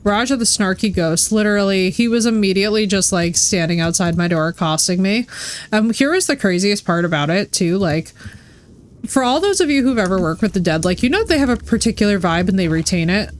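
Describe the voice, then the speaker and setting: Her mid-range voice has lively intonation and runs a little fast as she chats casually on her game stream. Cursing freely and dropping "like" nonstop, she talks over faint game music.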